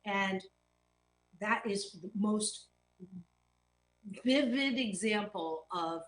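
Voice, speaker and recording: A woman's voice: medium pitch, expressive, drawn-out words, long pauses, a little hiss or hum. Earnest woman coach in a roomy studio. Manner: earnest, emphatic, playful with mild swear substitutes. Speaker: host, happiness coach. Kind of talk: motivational talk show monologue.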